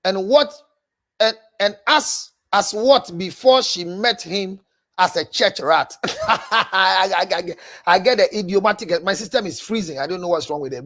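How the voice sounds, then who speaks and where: A man's voice: sits high, fairly bright tone. A man with a Ghanaian accent, a counselor hosting a livestream, animatedly scolding while reading viewer messages aloud. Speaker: counselor and show host.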